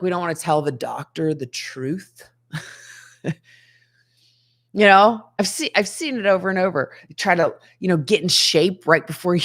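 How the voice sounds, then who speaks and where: Lively woman giving motivational talk. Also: medium pitch. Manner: earnest, conversational, asks many rhetorical questions; laughs between points. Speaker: host of a daily self-help show.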